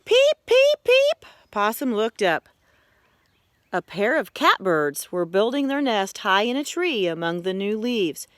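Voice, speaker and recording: A woman reading a children's story aloud, expressive and unhurried, in a quiet room. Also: mid-range voice, no echo. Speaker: reader.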